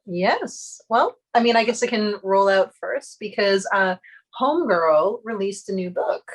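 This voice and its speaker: A playful woman co-hosting a podcast, close on a studio microphone. She trades quick jokes in an easy, mid-pitched voice. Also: expressive. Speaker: podcast co-host, fitness trainer. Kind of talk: casual chat.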